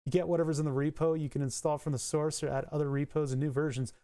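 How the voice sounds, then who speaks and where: Streamer swearing through software trouble. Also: medium pitch, flat delivery, fast talker. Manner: thinks aloud, swears, laughs at own frustration. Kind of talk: casual live-stream chat while fixing software.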